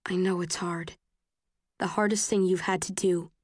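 A woman voicing a stern young man, a rebel fighter who speaks low, firm and direct. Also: fairly even intonation, moderate pace, no echo, studio quality, lightly acted. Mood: soft.

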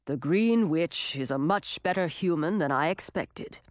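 Woman doing a deep, slow old dragon king. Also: lively intonation, dry recording, clean studio sound. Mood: solemn. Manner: slow, solemn, low voice. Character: old male ice dragon king, grave, measured. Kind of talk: audiobook character reading.

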